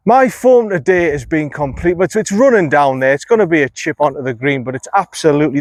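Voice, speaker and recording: A man's voice: fairly high pitch, expressive, fast, hardly any pauses, no echo. Self-critical man commentating his golf. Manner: self-critical, talks to himself. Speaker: golf vlogger. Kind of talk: running commentary while playing golf. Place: outdoors on an empty golf course. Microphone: phone camera.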